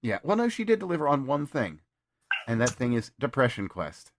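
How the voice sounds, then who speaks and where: A man hosting a casual podcast, telling a story with lots of fillers and pauses. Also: medium pitch, wildly swooping pitch. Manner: rambling storyteller with many fillers. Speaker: podcast host.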